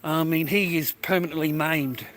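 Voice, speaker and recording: An Australian man rambles through a casual vlog as he walks through a neighbourhood outside. His voice is on the high side for a man and sounds bright and sharp. He keeps up a crude, chatty flow, full of "mate" and "you know.". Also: steady tone, moderate pace. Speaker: vlogger. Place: outdoors, walking through a neighbourhood.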